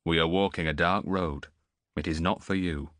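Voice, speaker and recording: A man voicing a calm, fatherly warrior who speaks in a steady, low, reassuring way in an audiobook. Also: normal speed, no echo, studio quality. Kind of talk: audiobook character voice.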